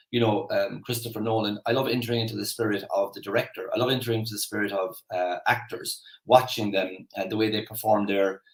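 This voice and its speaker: Rambling Irish man, low voice, echoey room. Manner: rambling, chatty, frequent restarts and fillers. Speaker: motivational speaker. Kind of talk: casual motivational talk.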